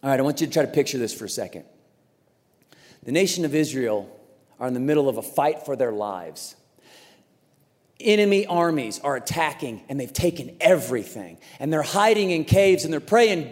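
Male pastor, high voice, lively sermon delivery swinging between quiet asides and loud quotes, long reverb of a big church room. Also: moderate pace. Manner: animated, jumps between soft asides and loud acted-out quotes.

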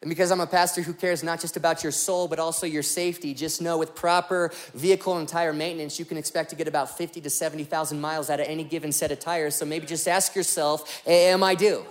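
A man's voice: a little high, little pitch movement, quick pace, few pauses. A young man preaching a sermon as a pastor, joking and telling stories with animation.

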